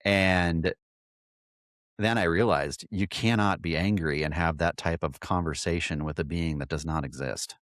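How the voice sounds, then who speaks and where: A man with a very low voice tells a long personal story, stopping and restarting mid-sentence. The sound is dry and close, with no room around it. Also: fairly bright tone, no room sound. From California. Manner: halting, repeats words as he tells a story. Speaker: podcast host.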